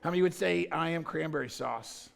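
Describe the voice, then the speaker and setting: A pastor at a church service running a playful, jokey poll with the congregation, calling out to the crowd. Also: male voice, a little high, fairly quick, vocal fry. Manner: jokey, energetic, calls out to the crowd. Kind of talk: playful audience poll from the stage.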